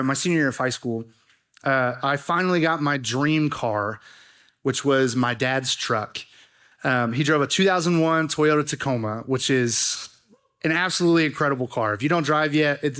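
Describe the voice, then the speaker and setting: A young man preaching a youth sermon, telling stories in a joking, animated way with lots of fillers. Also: medium pitch. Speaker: youth pastor. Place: church youth service.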